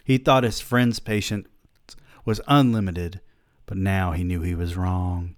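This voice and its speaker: A man's voice: low-pitched, fairly even intonation, measured pace, dry recording, studio quality. A man reading a story aloud who keeps breaking off to mock himself in sardonic comic asides. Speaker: reader of a story.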